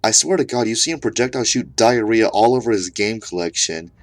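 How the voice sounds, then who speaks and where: A man's voice: lowish voice, lively intonation, fairly quick, no echo. A man narrating an absurd comedic horror story in a mock-serious tone.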